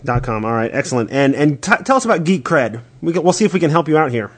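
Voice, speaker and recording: A man's voice: on the high side, very animated, fast talker, breathy edge. A man hosting a casual podcast, upbeat and chatty as he runs through contact details. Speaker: podcast host.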